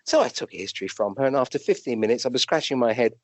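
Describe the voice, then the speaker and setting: Animated British doctor telling stories. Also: male voice, mid-range voice, racing, no room sound. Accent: British English. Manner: animated, rambling anecdotes with restarts and acted-out quotes. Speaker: guest, physician and medium. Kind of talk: conversational storytelling.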